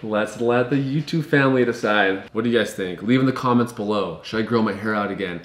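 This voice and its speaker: Low-voiced jokey family vlogger man. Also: brisk, echoey room. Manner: jokey, upbeat, addresses viewers. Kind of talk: casual vlog talk.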